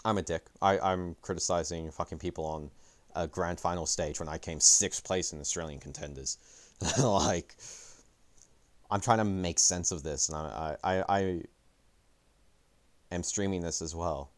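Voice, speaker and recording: Deep-voiced man rambling on a livestream. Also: moderate pace. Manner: rambling, profane, self-deprecating. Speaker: esports player and streamer. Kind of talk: livestream commentary.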